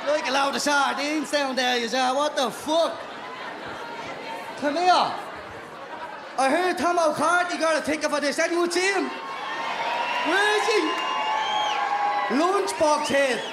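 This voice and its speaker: A man with a Dublin Irish accent co-hosting a live comedy podcast, teasing the audience with cheeky, swearing banter. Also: very high-pitched. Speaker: podcast co-host. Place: stage of a live show in a theater. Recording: echoey live venue with a noisy crowd.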